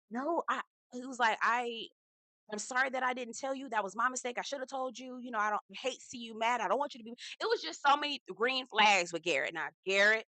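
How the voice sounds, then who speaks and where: A woman hosting a casual reality TV recap, talking in a sassy, profane, animated way and acting out the quotes herself. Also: a little high, no echo, low-quality recording.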